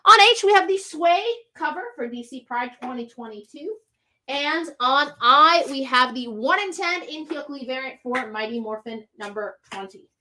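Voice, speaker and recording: A woman hosts a live comic sales stream from a comic shop. Her voice sits high and sounds bright and forward. She runs through items and prices briskly and chats easily between them. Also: lively intonation, slight background noise. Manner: brisk, chatty item rundown.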